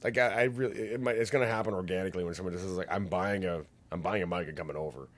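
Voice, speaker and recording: A man's voice: low-pitched, racing. A man co-hosting a casual podcast chat, rambling and laughing as he retells movie scenes. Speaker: podcast co-host. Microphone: podcast mic.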